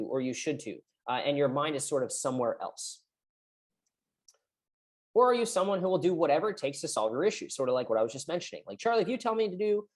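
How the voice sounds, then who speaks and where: A woman's voice: low-pitched, darkish tone. A woman physical therapist explaining recovery in a conversational way, often checking in with "right?". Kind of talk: direct-to-camera health talk.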